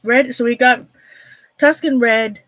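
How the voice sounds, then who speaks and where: This woman hosts an art livestream in a Minnesota accent, her voice a bit high and bright with a steady tone. The audio is rough but has no echo. While demonstrating her craft she chats loosely with viewers, rambling, interrupting herself mid-thought, and laughing readily.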